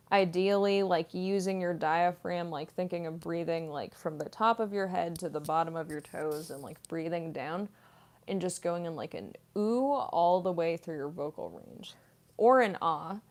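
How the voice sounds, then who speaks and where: Young woman, voice actress, casual Q&A, lowish pitch, filler-heavy chat. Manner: chatty, many "like" fillers, explaining technique. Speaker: voice actress answering fan questions. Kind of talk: casual Q&A vlog.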